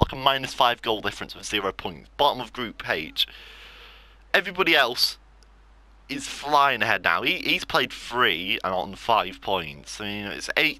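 A man's voice: mid-range voice, sharp tone, no room sound. A young man commenting on his own football video game matches, mocking himself and ranting about losing. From England. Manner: frustrated, self-mocking ranting. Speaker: gaming YouTuber. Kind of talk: live gameplay commentary.

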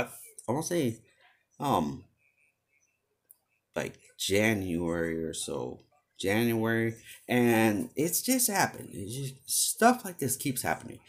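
A young man telling a frustrated story about work in a rambling, casual way, full of filler words. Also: medium pitch. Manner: exasperated, rambling, heavy use of filler words. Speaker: vlogger.

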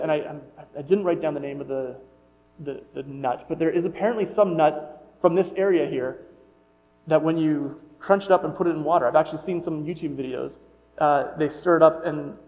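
A middle-aged man preaches in a relaxed, conversational manner, often restarting his sentences as he thinks aloud. His voice sits a little high, and it rings with a long hall reverb. The recording sounds slightly dull and muffled. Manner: conversational, self-correcting, wonders aloud. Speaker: pastor. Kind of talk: sermon.

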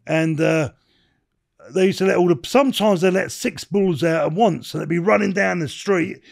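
This guest in his sixties, once a bare-knuckle boxer, rambles through tale after tale on a casual podcast, cursing freely and tacking on "you know what I mean." His high voice is gravelly with a darkish tone, and his pace is moderate.

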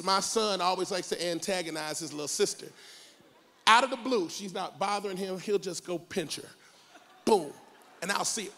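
Pastor guy preaching in church, gravelly and bright, loud and jokey. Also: high-pitched, normal speed. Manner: animated, comic, often shouting. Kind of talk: sermon.

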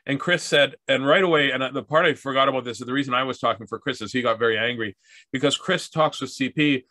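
A man's voice: mid-range voice, quick pace, bright, forceful tone, no echo. A Canadian man telling a rambling, humorous story about accessibility, acting out the dialogue as he goes. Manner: rambling, with restarts and acted-out dialogue. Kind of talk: casual storytelling talk.

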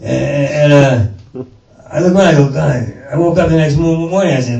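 A man's voice: mid-range voice, fairly quick, gravelly, dark tone. A man doing rambling stand-up storytelling, stammering and swearing as he jumps from one thought to the next. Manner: stammering, profane, digressive. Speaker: stand-up comedian. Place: small performance space in front of an audience. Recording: roomy, distant mic, faint noise.

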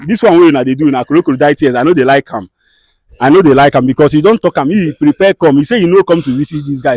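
A man with a Nigerian accent who hosts a comedy skit, scolding and soothing people in fast, direct talk. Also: a little high, a little mellow, no room sound, clean studio sound. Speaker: skit host and mediator.

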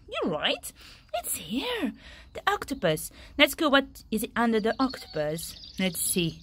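Slow, lively woman telling a children's story. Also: high voice, a little hiss or hum. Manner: animated, gasping, exclaiming, asking the listener questions.

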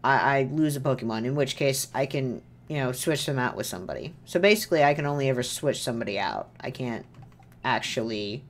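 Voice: medium pitch, expressive, a little fast. A streamer giving casual, rambling commentary while playing a video game, muttering to themself, humming along and making self-deprecating jokes.

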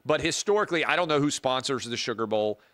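A middle-aged man hosts his own show, riffing through an opinionated commentary monologue in a loose, off-the-cuff way. His voice is bright and forceful. The sound is dry and close, with no room around it. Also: medium pitch, animated, fast talker, no echo. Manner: casual, opinionated, talks off the cuff. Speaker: show host.

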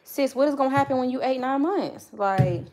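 Cooking at home for her vlog, this high-pitched woman speaks at a normal speed with a darkish tone, using casual, slangy talk aimed at her viewers and her kids between steps. Her phone camera sits nearby and is sometimes set down.

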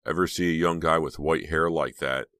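A man's voice: very deep voice, steady tone, normal speed, fairly bright tone, dry recording, clean studio sound. A man voicing a mocking, cold middle-aged uncle who needles his guests. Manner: sneering, accusing.

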